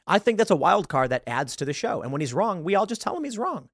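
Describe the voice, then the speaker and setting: A man's voice: high-pitched, big pitch swings, fast talker, no echo, clean studio sound. A man in his thirties hosting a podcast, delivering a combative opinion monologue with emphatic outbursts and stammered restarts. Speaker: podcast host.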